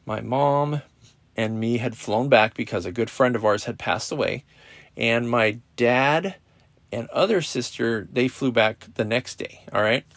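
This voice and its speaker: A middle-aged man hosting a podcast, telling a personal story in a casual, profane, animated way with lots of quoted dialogue. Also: medium pitch, unhurried, no room sound. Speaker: podcast host. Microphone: podcast app recording.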